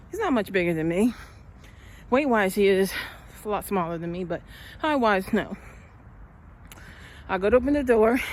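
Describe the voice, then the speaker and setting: A woman's voice: mid-range voice, slight background noise. Breathless woman vlogging while walking. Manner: chatty storytelling, heated when upset. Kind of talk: casual walking vlog. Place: outdoors, walking.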